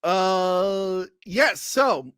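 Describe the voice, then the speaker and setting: High-voiced man rambling in a podcast review. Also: lively intonation, drawn-out words, fairly bright tone, clean tone, dry recording, clean studio sound. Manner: rambling, with many fillers and restarts. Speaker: podcast host. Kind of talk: casual movie review chat.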